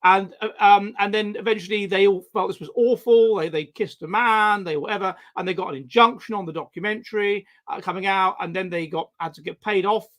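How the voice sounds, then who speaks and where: A man in his forties telling stories in a casual chat, halting and rambling with many restarts. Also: sits high, steady tone, fairly bright tone. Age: 40s. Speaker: guest. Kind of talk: casual conversation.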